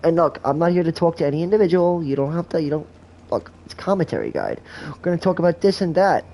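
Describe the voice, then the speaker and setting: A man's voice: fairly high pitch, big pitch swings, fast, warm tone, slight background noise. Rambling, crude-joking male game commentator. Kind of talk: casual livestream game commentary.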